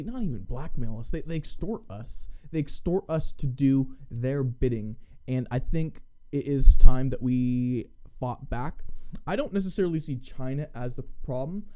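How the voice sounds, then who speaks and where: A man's voice: mid-range voice, animated, measured pace, mellow. A man co-hosting a political podcast, speaking in a heated, emphatic way and repeating words as he builds his point. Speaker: podcast co-host. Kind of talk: casual political commentary.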